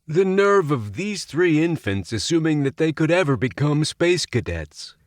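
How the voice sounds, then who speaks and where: A man voicing a giant, gruff young male space cadet who bellows like a drill sergeant. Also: a little high, extremely slow, no echo, clean studio sound, pitched above the performer's own voice. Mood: pompous.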